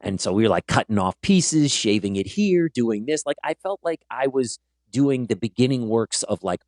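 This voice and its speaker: A middle-aged man hosting a podcast interview, telling stories in a casual, animated way and acting out what people said. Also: medium pitch, moderate pace, no echo, studio quality. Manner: animated storyteller, acts out quotes. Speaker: podcast host.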